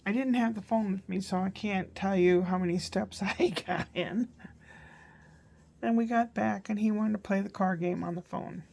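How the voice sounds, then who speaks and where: An older woman, a grandmother vlogger, chats casually through her day in a meandering, storytelling recap. Her mid-range voice is creaky with a darkish tone, at a moderate pace.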